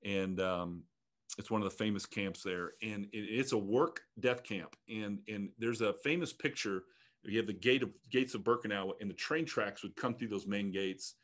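A man in his fifties, a ministry leader, telling a personal testimony in an earnest, reflective way, often halting and restarting. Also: on the low side, a bit bright.

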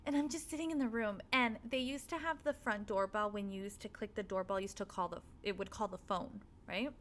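A woman telling a spooky personal story in casual chat, animated and swearing freely as she acts out what people said. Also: mid-range voice, fairly quick. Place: apartment.

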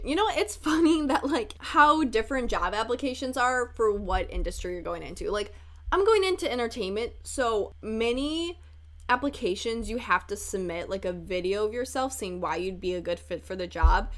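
Brief: woman in her twenties from Chicago, slightly high voice, candid casual podcast host, laughs easily. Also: expressive, moderate pace. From Chicago, USA. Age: 20s. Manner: chatty, candid, swears casually, laughs often. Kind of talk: casual solo podcast chat.

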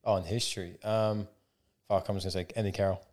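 A man's voice: sits low, fairly even intonation, fast, a little mellow. Brash man. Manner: brash, swears, cheers himself on. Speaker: podcast co-host, quiz contestant. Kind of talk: casual podcast banter.

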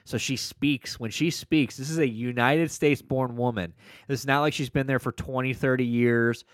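A man co-hosting a podcast in casual chat, rambling and profane with excitable bursts. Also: mid-range voice, normal speed, dry recording, clean studio sound. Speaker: podcast co-host.

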